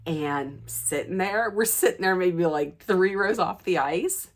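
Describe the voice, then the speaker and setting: A woman vlogger telling an anecdote in an animated, excitable way. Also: on the low side, unhurried. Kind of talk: storytelling anecdote.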